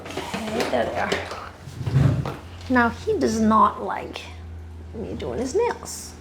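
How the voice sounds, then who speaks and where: A woman's voice: fairly high pitch, very animated, slow, gravelly, very noisy. A woman dog groomer talking viewers through a groom while she coaxes and firmly corrects the dog. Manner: coaxing and firm with a dog, chatty asides to viewers. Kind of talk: grooming tutorial talk. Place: grooming table indoors.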